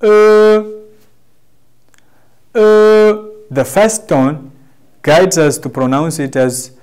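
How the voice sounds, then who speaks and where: A man with a Tanzanian accent teaching a language lesson, carefully demonstrating sounds and explaining them slowly to his students. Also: a little high, darkish tone, soft background music.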